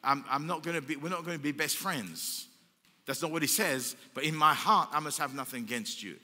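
A man's voice: fairly high pitch, fairly quick, pushed and bright. Preaching man in an echoing hall. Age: older. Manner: emphatic, repetitive preaching with rhetorical questions. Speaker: pastor. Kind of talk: sermon. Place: church hall. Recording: long church hall reverb.

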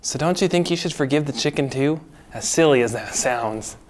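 A man, a children's pastor, speaking gently and patiently in a church puppet skit for kids. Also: a little high, normal speed.

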